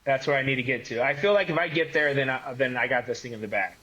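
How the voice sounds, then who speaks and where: A man's voice: mid-range voice, quick pace, muffled recording. A man, a guest on a running podcast, telling stories in casual conversation with lots of "like" fillers. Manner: animated storyteller, many fillers like "like".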